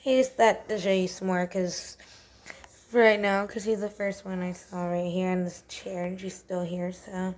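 A woman's voice: on the low side, flat delivery, moderate pace, a little mellow. A woman vlogging at home with a handheld camera, chatting in a rambling way with lots of fillers as she shows her cats. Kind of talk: casual home vlog. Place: at home, walking between rooms.

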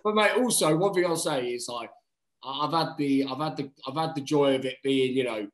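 A man in his thirties, a guest on a podcast, telling stories in animated casual chat. He swears freely and keeps saying "mate.". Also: mid-range voice, a little fast. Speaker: guest, rugby player. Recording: roomy echo.

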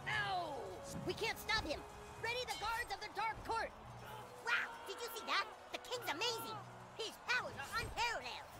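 Actors voicing bratty cartoon boys playing at medieval knights in a game, shouty and boastful. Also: male voice, very high voice, expressive, moderate pace. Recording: loud game music behind.

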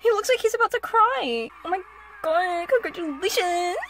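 A young woman giving casual reaction commentary while watching an anime, excitable, squealing, laughing and shouting in bursts. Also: very high-pitched, moderate pace, a little hiss or hum.

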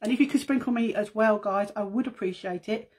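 A woman's voice: mid-range voice, a little fast, background noise. A middle-aged woman chatting casually to her viewers on a live stream from home, rambling through asides and calling them guys. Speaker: makeup seller and host. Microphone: phone.

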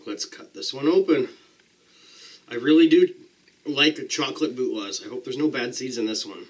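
A man's voice: mid-range voice, normal speed. A man casually talking to the camera as a pepper-eating vlogger, chatty and self-deprecating, describing the burn as it builds.

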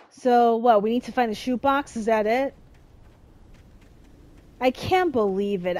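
A young woman giving exasperated let's-play commentary while she plays, talking back to the game. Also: a little high. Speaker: gameplay streamer.

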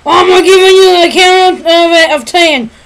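A pint-sized cowboy who hollers in gruff fury, played by a woman. The bellow is high and forceful. Each word is drawn out slowly. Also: rough recording. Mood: threatening. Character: short loud furious cowboy, male.

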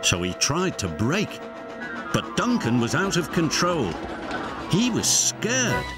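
A man with a British accent narrates a children's railway story in an expressive, sing-song voice. He takes his time, and his pitch rises and falls a great deal. Music plays steadily under the studio voice-over. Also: slow. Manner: expressive, does all the voices.

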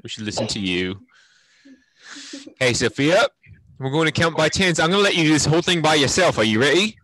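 A man's voice: a little high, lively intonation, brisk, pushed and bright, dry recording. A man teaching an online class morning meeting in a playful, teasing, upbeat way.

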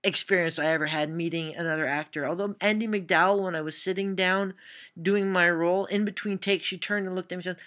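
A woman's voice: lowish voice, fairly even intonation, quick pace, a bit bright. A Canadian woman with a Canadian accent, answering viewer questions in a casual vlog, rambling through anecdotes with lots of "uh" fillers and self-deprecating asides. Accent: Canadian English. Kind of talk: casual Q&A storytelling.

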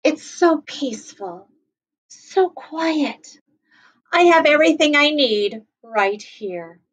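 A woman voicing a fussy male duck who loves his peace and quiet, in a storybook reading. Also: high voice, lively intonation, slow, recorded from a distance, low-quality recording. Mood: contented.

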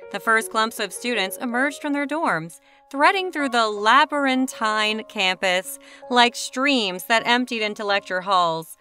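Woman reading a story, bright voice, smooth and measured, soft music behind. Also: fairly high pitch. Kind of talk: scripted narration.

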